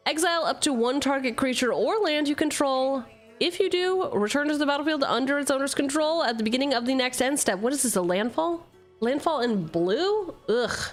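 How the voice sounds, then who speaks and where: High-pitched and animated, a little fast, a woman streamer rips open card packs amid casual chatter over soft background music. She reads cards aloud, mocks herself, swears freely, and jumps playfully from joke to reading.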